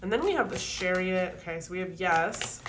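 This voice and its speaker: A woman's voice: on the low side, animated, moderate pace, background noise. A young woman doing a casual tarot reading at home, chatty and swearing freely, sniffling from allergies. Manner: chatty and swearing, talks to viewers. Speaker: tarot reader. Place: home, kept quiet for sleeping child.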